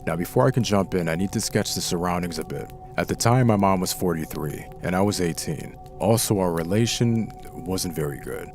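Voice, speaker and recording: A man's voice: low-pitched, brisk, few pauses, a little mellow, faint music behind. A man narrating true scary stories in the first person, reading them dramatically. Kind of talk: scripted horror story narration.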